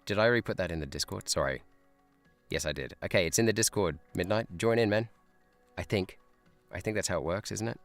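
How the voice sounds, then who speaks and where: A man's voice: sits low, fairly quick, soft background music. A man who is a teacher, streaming a guessing game live, thinking aloud in a chatty way and laughing often. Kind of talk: live gameplay chat.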